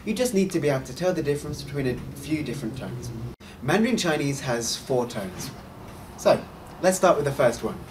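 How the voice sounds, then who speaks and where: A man hosting a scripted Mandarin lesson, explaining clearly and encouraging the listener to repeat. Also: fairly high pitch, big pitch swings, recorded from a distance, noisy background. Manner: clear, encouraging, models sounds slowly. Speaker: host and Mandarin teacher.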